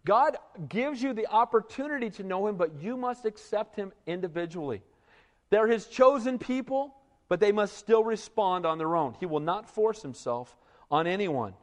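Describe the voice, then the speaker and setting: A man preaches a sermon as pastor in a church, his voice sitting high and his speed normal, with the acoustics of a large hall. He is animated and conversational, often throwing "right?" out to the congregation.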